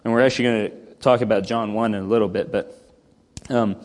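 A man leading a Bible study, reading scripture aloud and then explaining it in casual, conversational talk, often clearing his throat. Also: mid-range voice, moderate pace, pauses often, in a large hall. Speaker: Bible teacher.

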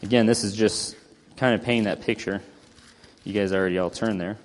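A man's voice: fairly low pitch, fairly even intonation, fairly quick, slight background noise. Man teaching scripture in a reverberant room. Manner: reads scripture aloud then explains in casual talk, frequent throat clearing. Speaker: Bible teacher. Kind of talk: Bible study teaching.

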